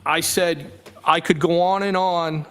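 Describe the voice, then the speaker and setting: A male witness in a courtroom, reading text messages aloud in a flat, measured way with small self-corrections. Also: a little high, clean tone.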